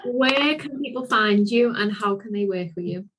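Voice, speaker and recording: A woman's voice: mid-range voice, moderate pace, a bit bright, a little hiss or hum. A woman with a Scouse accent hosting a podcast, talking in an effusive, enthusiastic way. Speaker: podcast host. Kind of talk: casual interview chat.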